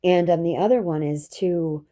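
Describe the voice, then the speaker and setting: A woman's voice: lowish voice, moderate pace, mellow. A woman telling a personal story in a rambling, reflective monologue, restarting often and dropping profane asides.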